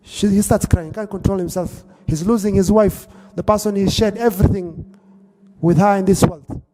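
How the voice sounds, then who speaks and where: Earnest high-voiced male preacher. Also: steady tone, normal speed, mellow, in a large hall. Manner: earnest, mixes Arabic phrases. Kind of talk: sermon storytelling.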